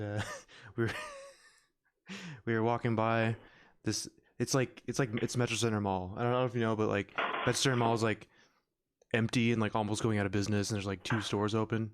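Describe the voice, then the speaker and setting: A man's voice: fairly low pitch, moderate pace, a little hiss or hum. A man hosting a podcast in casual chat, rambling and full of fillers, laughing often. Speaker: podcast host. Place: podcast recording room.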